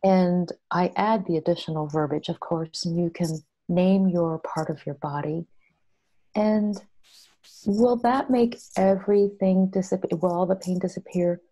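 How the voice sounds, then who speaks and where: Woman, 50s, interview guest; gentle, compassionate self-care talk, unhurried and warm-toned. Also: on the low side, poor audio. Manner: slow, soothing, compassionate; drops to whispers at times. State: in pain.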